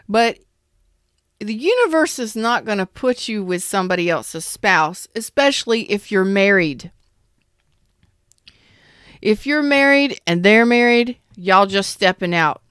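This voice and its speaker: A woman's voice: medium pitch, expressive, a little slow, a bit bright, smooth, no echo, clean studio sound. A woman tarot reader doing a live reading as a casual, blunt rant, swearing freely, calling viewers out and answering chat comments. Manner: blunt, profane, calls viewers out.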